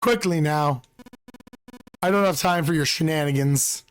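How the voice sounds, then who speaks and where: A slightly hoarse man voicing a cold, polite, murderous older male villain in a calm, measured way. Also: fairly high pitch, soft background music, lightly acted.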